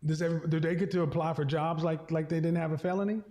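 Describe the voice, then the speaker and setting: A man with a high voice lectures a caller bluntly on an advice show. His manner is confrontational and he swears freely. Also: fairly even intonation, fast, mellow. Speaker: relationship talk show host.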